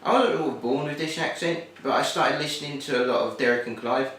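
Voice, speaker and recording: A man's voice: medium pitch, brisk, a bit bright, slight background noise. A young man with a Cockney accent, a student answering interview questions in a rambling way, full of "sort of" and "like". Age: young adult. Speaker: TV production student. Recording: very echoey room, distant mic.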